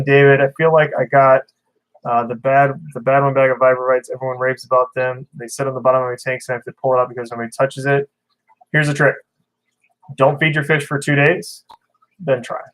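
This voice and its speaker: A man's voice: mid-range voice, a bit bright, poor audio. A man chatting casually on a livestream, rambling as he reads out viewer comments and talks about his tanks. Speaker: fish-keeping livestreamer.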